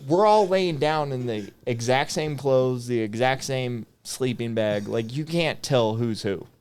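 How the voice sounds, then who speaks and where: A man's voice: mid-range voice, a little slow, hardly any pauses, darkish tone, smooth. A man in his twenties, a former Marine guest on a podcast, telling comedic stories and laughing often as he goes. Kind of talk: comedic storytelling.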